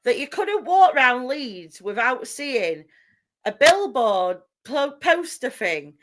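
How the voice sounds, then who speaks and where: A woman hosting a casual interview, giggly and quick to react. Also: high-pitched, very animated. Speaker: host.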